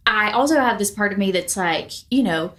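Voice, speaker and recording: A woman in her thirties co-hosting a relaxed chat podcast. She talks in long, rambling runs, full of fillers and restarts. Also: medium pitch, moderate pace. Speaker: podcast co-host. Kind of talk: casual chat.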